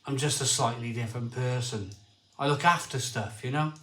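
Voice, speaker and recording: A middle-aged man hosting a casual livestream, telling rambling, excitable stories and reading out viewer comments. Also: medium pitch, moderate pace, echoey room. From Barry, Wales. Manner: rambling storyteller, lively and excitable, often restarts sentences. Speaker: livestream host.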